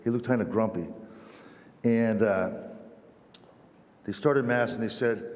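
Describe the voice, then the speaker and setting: A man who is a missionary priest, telling a self-deprecating story to a parish with many halting restarts. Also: lowish voice, a little mellow. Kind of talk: storytelling church talk. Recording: echoey church hall.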